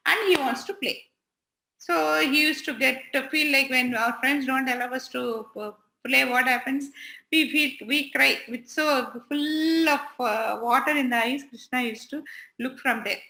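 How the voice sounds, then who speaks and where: A woman tells a devotional story to a group of children in a high, ringing voice. She slips into each figure's lines with lively expression. The room around her echoes. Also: unhurried, gravelly. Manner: animated, voices the figures' dialogue.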